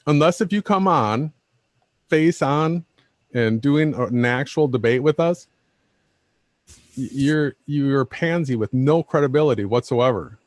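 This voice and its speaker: Man, co-host. Blunt, confrontational, repetitive; mid pitch; dry close mic. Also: measured pace, no echo. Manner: combative, blunt, repeats himself. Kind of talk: casual livestream talk.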